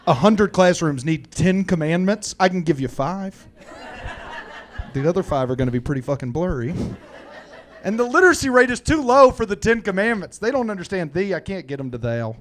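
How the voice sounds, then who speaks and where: A man from Missouri with a slightly high voice tells a story on a live comedy stage. He rambles and swears, animated as he goes. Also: brisk. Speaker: comedian co-host.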